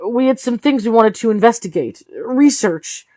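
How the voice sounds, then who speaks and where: A woman reading the part of a teenage boy, quick and eager as he covers awkwardly. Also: a little high, lively intonation, a little mellow, no echo, voice pushed up, natural voice.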